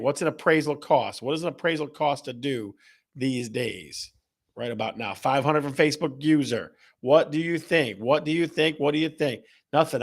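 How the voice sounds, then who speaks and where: A man hosting a live online show, energetic and repetitive, rattling off viewer answers like an auctioneer. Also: a little high, creaky. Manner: energetic, auctioneer-like, repeats questions. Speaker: host. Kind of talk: livestream show host reading chat.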